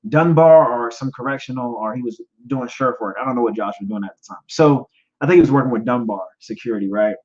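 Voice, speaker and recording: A man in his thirties speaks in a medium voice, telling his own story as a podcast host. He is choked up and near tears, pausing and repeating himself as he talks. The recording is slightly dull and lo-fi. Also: medium pitch, a little mellow. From United States. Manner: emotional, halting, repeats himself, gets choked up. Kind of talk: personal testimony, live stream talk.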